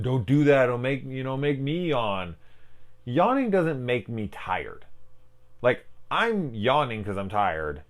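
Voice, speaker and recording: Tired, rambling low-voiced man. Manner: rambling, profane, self-interrupting. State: tired, fighting yawns. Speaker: film reviewer. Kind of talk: casual one-take spoiler discussion.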